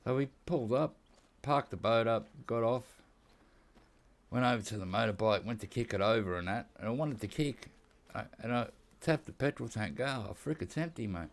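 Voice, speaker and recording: A man's voice: medium pitch, normal speed. A man with an Australian accent telling rambling, laughing stories while he plays a hunting game. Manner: rambling anecdotes with laughs and quoted dialogue. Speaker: gaming YouTuber. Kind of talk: casual storytelling while playing a hunting game.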